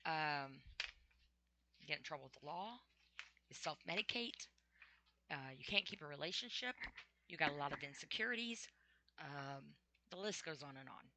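A woman's voice: sits low, expressive, normal speed, long pauses, pushed and bright, slight background noise. A middle-aged woman talking about her life in a casual personal monologue, chatty and full of ums and laughs. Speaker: vlogger.

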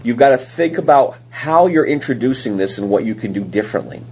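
A man's voice: medium pitch, animated, a little fast, a little mellow, a little hiss or hum. A man hosting a parenting podcast, giving casual advice and telling stories from home. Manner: anecdotal, acts out quotes in raised voices.

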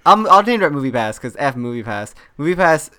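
A man's voice: a little high, big pitch swings, a little fast, bright, forceful tone. A man co-hosting a podcast, chatting casually and telling stories with acted-out quotes. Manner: chatty storyteller who acts out quoted lines. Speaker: podcast co-host. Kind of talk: casual chat.

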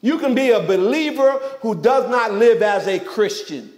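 High-voiced emphatic male preacher. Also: expressive, normal speed, a little mellow. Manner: emphatic preaching with rhetorical questions and joking asides. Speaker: pastor. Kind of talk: sermon.

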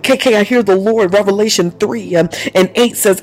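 Prayer leader going hard in intercession, tongues mixed in, soft music under it. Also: medium pitch, normal speed, few pauses. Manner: prays in tongues between repeated invocations; delivers prophetic words to one listener. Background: faint music.

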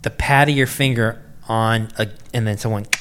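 A young man telling a story in a loose, casual chat. He swears freely and acts out every quoted person, jumping into high, pained cries when he plays himself hurt. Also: fairly even intonation, moderate pace, a bit bright, a little hiss or hum.

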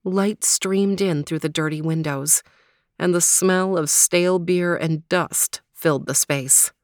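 Slow, low-voiced woman narrating a story. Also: steady tone, dry recording, studio quality.

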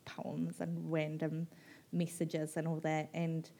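A woman, an author telling her story on stage at a book festival, frank and animated, swearing casually and laughing often. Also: sits low, takes it slowly, gravelly. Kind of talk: candid conversational storytelling.

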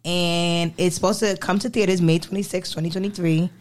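A woman co-hosting a casual chat, animated and slangy, repeating her points for emphasis. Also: fairly low pitch, a little fast. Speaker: co-host.

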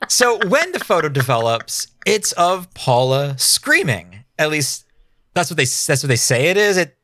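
Man, podcast host, casual chat, jokey, rambling, animated pitch, dry mic. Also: a little slow, dry recording.

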